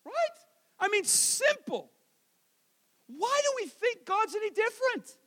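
A married man preaching a sermon with loud, energetic delivery, dropping into quiet self-mocking asides. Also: very high voice, measured pace, in a large hall. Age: adult, married. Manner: swings between shouting and quiet asides. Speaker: pastor.

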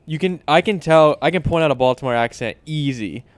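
A man talking casually in an offhand, relaxed way. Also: on the high side, brisk, no echo. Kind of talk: casual chat.

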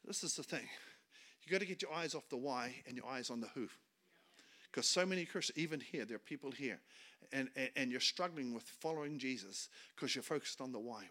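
A man's voice: mid-range voice, brisk, sharp tone. A middle-aged man with a New Zealand accent, preaching as a guest speaker and telling funny stories, laughing at his own jokes. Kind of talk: storytelling sermon.

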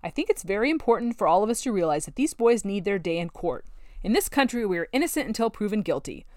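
A woman voicing a spiteful, loud and sneering small-town woman in a storybook. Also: medium pitch, big pitch swings, fast, no echo, studio quality, voice pushed up, lightly acted. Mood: lecturing.

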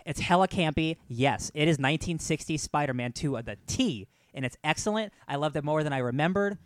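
Young man, excitable, jokey, smooth clear voice, dry close sound. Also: a little high, fairly quick, no echo. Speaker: podcast co-host. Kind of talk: casual chat.

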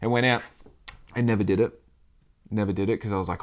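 A man's voice: on the low side, fairly even intonation, fast. A man with an Australian accent talking casually in a rambling monologue, swearing freely and acting out the people he quotes.

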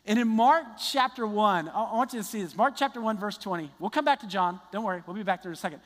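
Male pastor, high voice, lively conversational sermon, long hall reverb. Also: fast. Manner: conversational, animated preaching with restarts.

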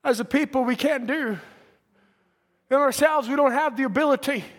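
A male preacher delivering a sermon, building from quiet reasoning to impassioned shouts. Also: very high-pitched, normal speed. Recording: long hall reverb.

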